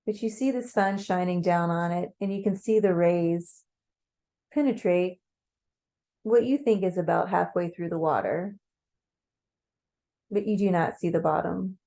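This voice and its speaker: A woman narrating a guided meditation in a slow, calm, measured way. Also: lowish voice, gravelly.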